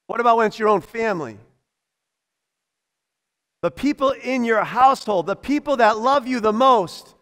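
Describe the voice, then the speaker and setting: A middle-aged man preaching a sermon in a church, animated, often laughing and acting out other people's voices. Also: extremely high pitch. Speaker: pastor.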